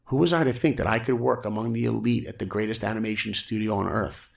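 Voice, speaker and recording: A man telling a personal story on a podcast, energetic and acting out quotes from other people. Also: fairly low pitch, quick pace, vocal fry. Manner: energetic, acts out quotes in raised voices. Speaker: guest storyteller.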